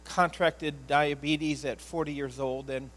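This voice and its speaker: A man, a pastor, telling a personal story in an earnest, emotional sermon style, often halting and repeating words. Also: on the high side, steady tone, a bit bright, low-quality recording.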